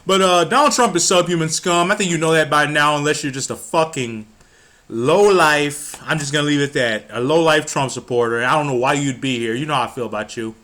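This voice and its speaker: A man's voice: a little high, brisk, sharp tone. A man from the United States ranting about politics, heated and profane, stumbling over his words as he gets worked up. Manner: stumbles and restarts when worked up. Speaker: political commentator. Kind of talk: angry political rant.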